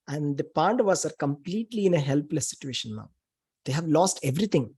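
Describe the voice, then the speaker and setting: A man's voice: a little high, expressive, brisk, darkish tone, slightly rough. A man giving a spiritual talk, retelling a scripture story in an emphatic, dramatic way with lots of repetition. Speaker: spiritual speaker.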